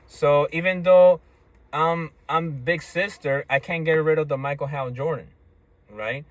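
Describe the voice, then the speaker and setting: A man's voice: on the high side, measured pace, no echo. Rambling man full of "right?" asides. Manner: rambling, repeats "right?" and "you see?"; stammering restarts. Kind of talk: casual monologue.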